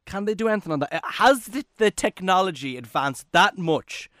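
Lively joking podcast co-host man. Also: high-pitched, no echo, studio quality. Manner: animated, jokey, quick to defend himself. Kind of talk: casual chat.

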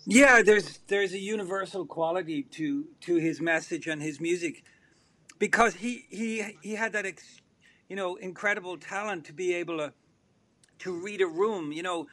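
A man's voice: high voice, normal speed, sharp tone, no room sound. A man, a musician guest on a radio show, speaking thoughtfully with many fillers and restarts. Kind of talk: radio interview.

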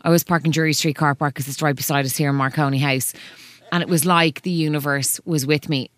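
A woman's voice: low-pitched, steady tone, a little fast, fairly bright tone, no echo. A woman in her thirties with an Irish accent, co-hosting a podcast in casual chat and telling a story while stopping and restarting herself. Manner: chatty, self-interrupting storyteller. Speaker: podcast co-host. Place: radio studio.

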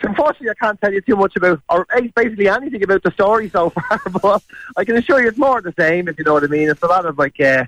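A man with a Dublin accent, a guest in a casual radio interview, chatty and quick to laugh. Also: sits high, animated, a bit bright, no echo, dull audio. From Dublin, Ireland. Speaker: actor guest.

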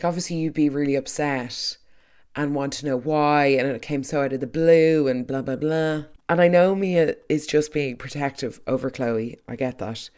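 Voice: mid-range voice, darkish tone. Chatty soap recap host. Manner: chatty, opinionated, quick asides and restarts. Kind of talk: casual chat.

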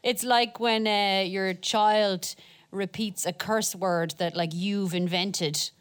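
A woman's voice: mid-range voice, fairly even intonation, slow pace, smooth. An Irish woman on a comedy panel, chatty and rambling, slipping into little voices as she tells jokes. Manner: chatty and rambling, acts out voices in her anecdotes. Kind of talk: improvised panel-show banter.

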